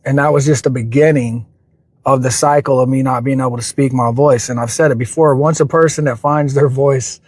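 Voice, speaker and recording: A man's voice: medium pitch, steady tone, a little fast, darkish tone, breathy edge, dry recording. A man hosting a livestream and giving a reflective, motivational talk. He speaks earnestly and keeps circling back to repeat his points. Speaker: livestream host.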